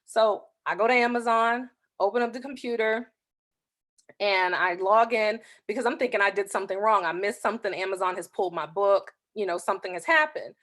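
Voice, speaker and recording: Woman in her 30s telling a story, mid-pitch voice, super animated, does all the voices. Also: brisk. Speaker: author and show host. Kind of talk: casual personal storytelling.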